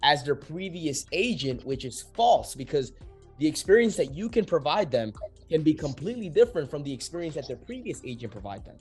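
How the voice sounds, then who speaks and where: Swearing real estate agent, fairly high voice. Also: male voice, brisk, faint music behind. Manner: animated, acts out both sides of phone calls, swears casually. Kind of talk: casual podcast talk, explaining sales calls.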